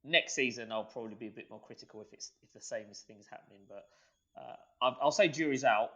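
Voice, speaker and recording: A man with an average-pitched voice weighs his opinions on a casual podcast. He pauses often with fillers. The recording is a little muffled. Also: pushed and bright. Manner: measured opinions with frequent fillers. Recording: slightly muffled.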